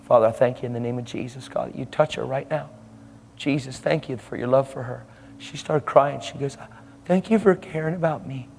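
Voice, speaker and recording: A man's voice: medium pitch, brisk, vocal fry, a little mellow, in a large hall, a little hiss or hum. A man preaching a sermon, telling a story and acting out the lines of the people in it.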